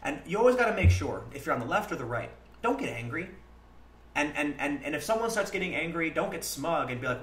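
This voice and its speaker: Very animated and quick, a man hosting a livestream runs through casual commentary in a slightly high, somewhat bright voice. He's earnest and chatty, performing quoted exchanges between people. Faint background noise and a roomy echo fill the recording.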